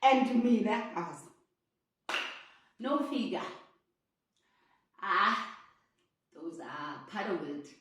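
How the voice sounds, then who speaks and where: Woman from South Africa, personal storyteller, slow and expressive, recorded far from the mic in a very echoey room. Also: medium pitch, a little hiss or hum. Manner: slow, animated telling with frequent laughs.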